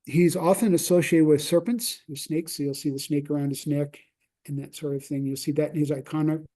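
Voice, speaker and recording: A man lecturing from slides, halting often with fillers and restarts. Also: a little high, steady tone, mellow.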